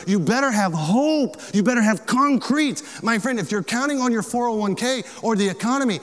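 A man preaching a sermon as a pastor, impassioned and repetitive, in a large hall. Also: high-pitched. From Florida. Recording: long hall reverb.

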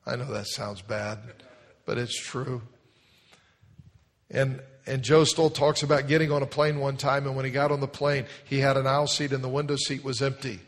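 A male pastor preaching a sermon, telling stories with animated emphasis. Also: mid-range voice, normal speed. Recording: long hall reverb.

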